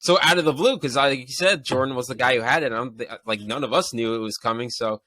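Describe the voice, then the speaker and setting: A man, a sports reporter guesting on a podcast, telling a story excitedly with many fillers. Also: medium pitch, quick pace. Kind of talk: casual sports podcast chat.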